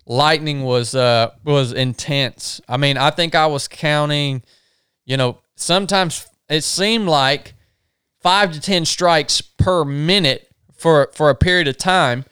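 A man's voice: fairly high pitch, takes it slowly, bright, forceful tone, clean tone, no echo, studio quality. A man recording a spoken camp log at a river sandbar, then telling a story in a drawling, folksy way.

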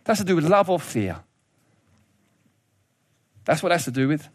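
A man delivers a sermon in a high, bright-sounding voice, joking and laughing as he goes. He often restarts and repeats his words, and the recording is close and dry, with no room sound. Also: sing-song, normal speed, no room sound. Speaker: preacher.

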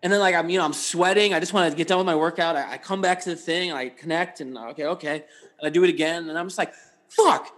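A middle-aged man with a somewhat high voice tells stories in a loose, conversational way. He swears freely and acts out his own outbursts. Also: steady tone, fast talker, fairly bright tone. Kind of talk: casual chat.

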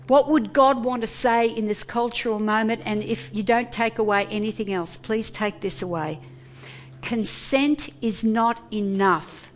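A woman pastor giving a sermon, earnest and deliberate, pausing between phrases. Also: on the high side, soft background music.

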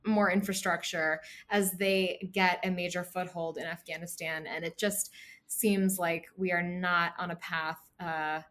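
A young American woman chats casually about the news, talkative and worried, with lots of fillers. Her voice is on the low side and a bit bright, with fairly even intonation and a measured pace.

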